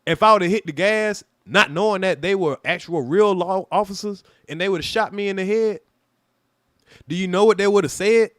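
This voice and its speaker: A man casually telling a personal story on a livestream, animated and profane, loudly acting out what people said to him. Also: high voice, normal speed, dry recording, clean studio sound. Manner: animated, profane, acts out quoted voices loudly.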